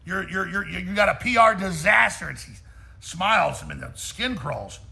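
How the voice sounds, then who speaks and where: A man with a high, gravelly, bright voice rants like a talk-show host. He mocks people in put-on voices and says the same thing over and over. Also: lively intonation, normal speed. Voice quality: gravelly, mocking. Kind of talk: ranting talk-show commentary.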